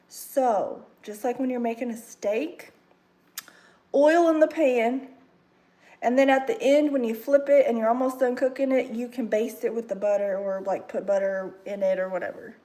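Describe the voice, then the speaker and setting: A woman's voice: fairly high pitch, a little mellow. A woman with a Kentucky accent, chatting casually with viewers while she cooks in her home kitchen and laughing often. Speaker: livestream cooking host. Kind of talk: casual livestream chat while cooking. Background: sizzling pan.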